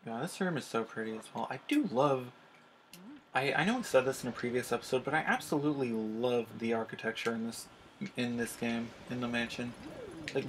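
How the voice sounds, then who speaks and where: A man giving casual commentary while he plays a video game, chatting between relaxed asides and enthusiastic remarks. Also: mid-range voice, slight background noise, low-quality recording. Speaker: let's play commentator.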